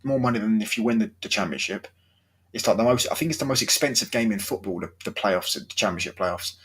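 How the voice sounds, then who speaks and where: A young man talks football in a loose, slangy, swear-heavy way. His voice sits low and sounds husky, with a sore throat. He keeps the chat laid-back and rambling. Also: fast, fairly bright tone. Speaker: football vlogger.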